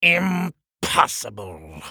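A man's voice: medium pitch, lively intonation, moderate pace, gravelly, sharp tone, breathy edge, no echo, clean studio sound, pitched above the performer's own voice, heavily acted. A man playing a sneering, arrogant king. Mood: fearful fury. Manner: sneering and imperious. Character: arrogant, spiteful male king.

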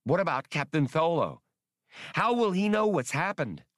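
A man voicing a fussy, anxious male skip tracer with a high, squawking voice in a storybook reading. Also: lively intonation, normal speed, a bit bright, no room sound, clean studio sound. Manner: shrill, squawking.

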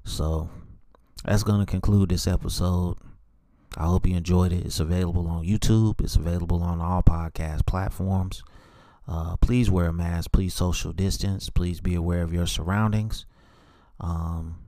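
A man hosting a solo sports podcast, speaking in a dejected monotone with many halting fillers. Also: low-pitched, no echo, clean studio sound. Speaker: podcast host.

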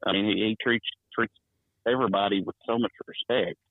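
A man's voice: lowish voice, steady tone, a little fast, no room sound. Rambling man on a phone line. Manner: rambling, chuckling storyteller. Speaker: wrestling promoter. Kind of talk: phone-in interview storytelling. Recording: tinny dry phone line.

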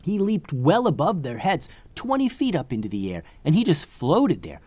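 A man telling an improvised adventure story, animated and rising with the action. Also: a little high, moderate pace, slightly rough, no room sound.

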